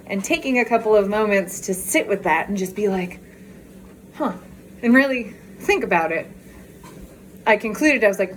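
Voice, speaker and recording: A woman's voice: medium pitch, expressive, moderate pace, pauses often, a little hiss or hum. A woman vlogger chatting candidly in a casual walk-and-talk video, talking outdoors as she walks.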